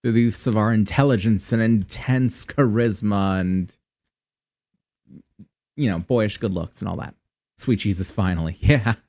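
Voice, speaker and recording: A man's voice: fairly low pitch, measured pace, pauses often, a little mellow. A man chatting wryly through casual live gameplay commentary, swearing when annoyed, on a close desk mic run through a voice changer app. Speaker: streamer.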